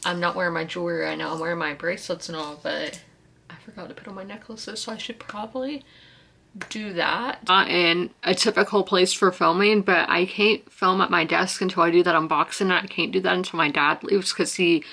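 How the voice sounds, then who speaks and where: Bright-voiced chatty woman book vlogger. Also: on the low side, fairly even intonation, fairly quick, gravelly, slight background noise. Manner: chatty, rambling, self-correcting. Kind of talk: casual chat.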